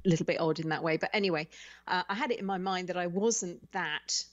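A woman's voice: fairly low pitch, fast talker, no room sound. A woman in her forties from the UK, a guest author telling her story candidly in a radio interview, often repeating words as she starts. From United Kingdom. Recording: dull, muffled line.

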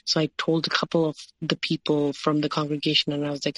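A woman's voice: deep voice, flat delivery, a little fast, no room sound. A woman telling her personal story as an interview guest, full of fillers and quoted dialogue. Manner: recounting with many "like" and "you know" fillers, quoting others.

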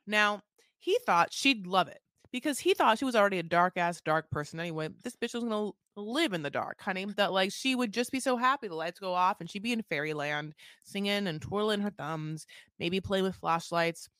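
A woman co-hosting a casual recap podcast, gossipy and crude, acting out quotes with animated swings. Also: mid-range voice, no echo, clean studio sound. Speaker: podcast co-host.

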